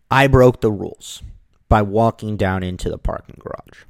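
Low-voiced man telling a story. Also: moderate pace, dry recording. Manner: animated, acts out the people in his story. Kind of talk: casual storytelling.

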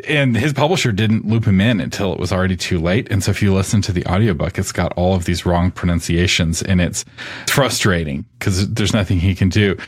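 A man's voice: low-pitched, a little fast, breathy edge. Conversational male podcast host. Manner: conversational, leads with questions. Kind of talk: casual interview talk.

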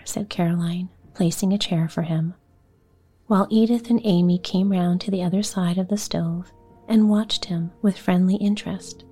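A woman narrating a bedtime story in a soft, half-whispered, soothing way. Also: lowish voice, steady tone, breathy edge, faint music behind. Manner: soft, slow, partly whispered. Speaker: podcast host, bedtime story reader.

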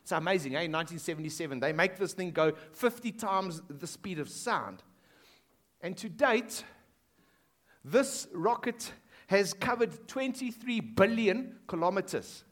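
A man preaching a sermon in a school hall, shifting between loud emphatic lines and hushed quoted lines. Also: high-pitched, lively intonation, unhurried. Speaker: pastor.

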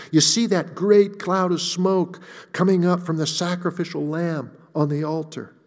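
A man delivers a sermon in a fairly high voice, deliberate and emphatic. He slows down to lean on key words. His voice rings out with the long reverb of a large church hall. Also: darkish tone. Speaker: preacher.

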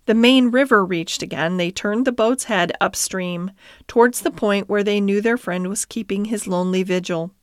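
Woman calmly narrating a classic storybook. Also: medium pitch, no echo, clean studio sound. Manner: calm, measured reading. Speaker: audiobook narrator.

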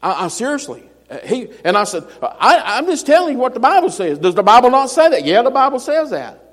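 Male preacher, folksy and emphatic, higher register, reverberant sanctuary. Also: sing-song, brisk. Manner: folksy storytelling, rising to emphatic shouts. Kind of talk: sermon.

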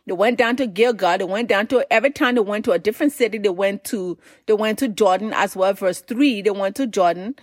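A woman's voice: medium pitch, brisk, hardly any pauses, no room sound, studio quality. A woman, preaching a sermon, telling a story with emphatic repetition.

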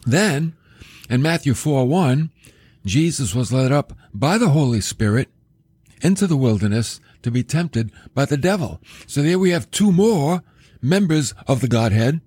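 A man teaching a sermon-style Bible lesson for a podcast, animated, often asking the listener questions and acting out quoted voices. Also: medium pitch, measured pace, husky, no echo. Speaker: podcast preacher.

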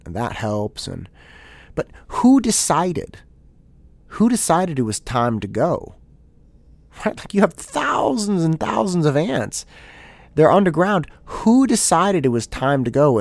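A man in his thirties hosting a casual solo podcast, telling a story in an animated way with many restarts. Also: mid-range voice, gravelly, no echo. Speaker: podcast host.

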